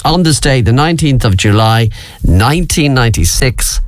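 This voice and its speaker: Chatty male radio host, lively voice. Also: mid-range voice, normal speed, no echo. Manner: chatty, asides to listener, playful. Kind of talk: casual on-this-day radio chat.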